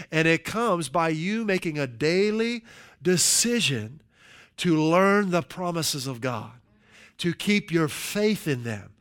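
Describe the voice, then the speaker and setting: A male pastor delivers a sermon with a fairly high-pitched voice. He speaks emphatically, drawing out quoted verses slowly for weight and checking in with the congregation with a frequent "right?". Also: a bit bright. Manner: emphatic, slows for scripture quotes, asks "right?" often.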